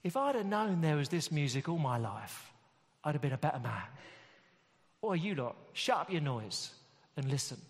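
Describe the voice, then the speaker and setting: A man's voice: a little high, very animated, moderate pace. A preacher putting on a London accent to voice an awestruck working-class male cab driver. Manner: exclaiming, plain-spoken. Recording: long hall reverb.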